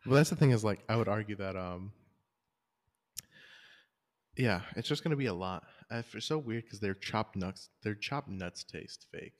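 A man's voice: on the low side, lively intonation, moderate pace. A man co-hosting a casual podcast chat, rambling and teasing with some swearing. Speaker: podcast co-host.

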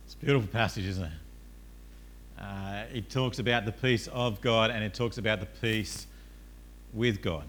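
A male pastor preaches in a church in an easy, conversational way, often pausing on "uh" and putting questions to the room. His voice sits at a middle pitch with a bright, clear tone, and a faint noise runs in the background. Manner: conversational, frequent "uh", asks the congregation questions. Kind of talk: sermon.

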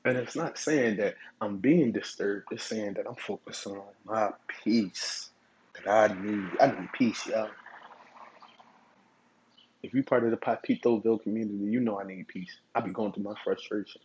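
A man hosting his own podcast, telling stories in a relaxed, profane way and chuckling often. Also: fairly low pitch, normal speed, husky, rough recording. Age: adult. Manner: laid-back, profane storytelling with chuckles. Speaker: podcast host. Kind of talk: casual solo podcast monologue.

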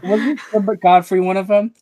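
A woman in a playful casual chat with friends, animated and full of "like". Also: mid-range voice, moderate pace, no echo.

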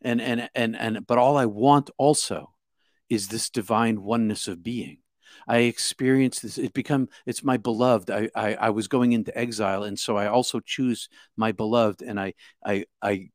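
A man telling a personal story out loud, in a halting way with many repeated starts. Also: mid-range voice, dry recording, studio quality. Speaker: guest telling his story. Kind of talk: casual spoken storytelling.

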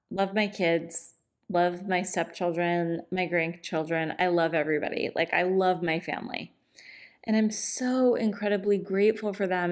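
Speaking into a microphone in a lowish voice, a middle-aged divorce coach hosts her podcast. She talks in an easy, unscripted, conversational way, peppered with fillers.

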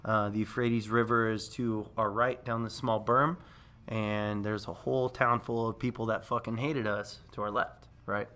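A man tells a war story to friends in a bright, forceful voice, cursing freely. He is animated and laughs between lines. The talk is loose and casual, podcast style. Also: fairly low pitch, moderate pace. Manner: profane, animated, laughs while telling. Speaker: veteran storyteller.

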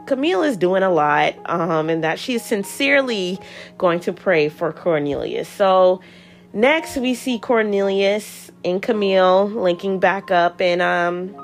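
A woman hosting a podcast, recapping a reality show in a chatty, animated way, laughing often and acting out what people said. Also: medium pitch, normal speed, soft background music. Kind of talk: casual recap commentary.

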